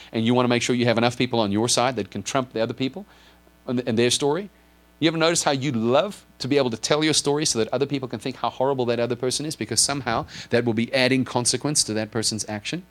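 A man preaching a sermon to a congregation, earnestly explaining and asking his listeners direct questions. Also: mid-range voice. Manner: explains with a drawn board, asks if listeners follow. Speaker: pastor.

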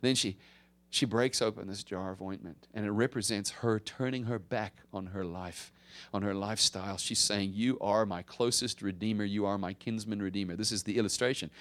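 A male pastor preaching a conversational sermon, swinging from emphatic rises to hushed drops. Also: fairly low pitch.

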